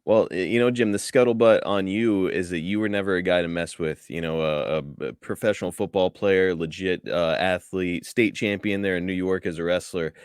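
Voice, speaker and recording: A man's voice: deep voice, fairly even intonation, normal speed, few pauses, smooth, no room sound, studio quality. A man hosting a casual interview, asking easygoing questions. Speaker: interviewer and co-host.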